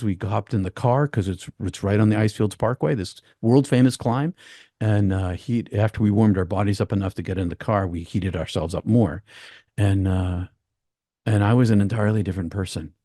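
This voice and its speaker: A man telling a personal story as a podcast guest, halting and repeating words as he goes. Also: on the low side, mellow, dry recording, clean studio sound.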